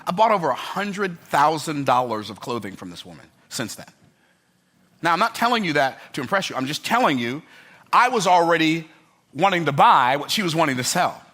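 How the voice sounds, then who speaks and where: An older man delivers a motivational talk to a live crowd in a bright, forceful voice. He tells stories with emphatic repetition and keeps asking the audience whether they follow. His voice sits a little higher than most men's. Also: big pitch swings, brisk. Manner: emphatic, repetitive storytelling with rhetorical check-ins. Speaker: motivational speaker.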